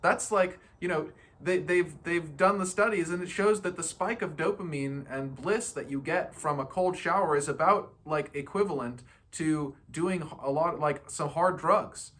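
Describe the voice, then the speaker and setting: A man's voice: fairly high pitch, measured pace, hardly any pauses, a bit bright. A man giving a casual, playful motivational talk on feeling good, laughing often and acting out other people's voices. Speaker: spiritual self-help speaker.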